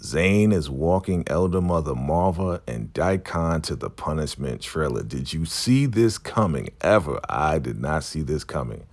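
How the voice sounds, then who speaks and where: A man giving a casual, animated recap of a TV episode and acting out the characters' lines. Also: extremely low pitch, a little slow, hardly any pauses. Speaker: TV recap vlogger.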